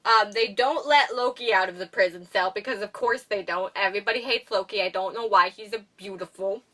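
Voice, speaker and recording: Rambling young woman, bright, far from the mic. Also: medium pitch, brisk. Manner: rambling, giggly, acts out characters' lines. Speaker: podcast co-host. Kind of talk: casual movie recap chat.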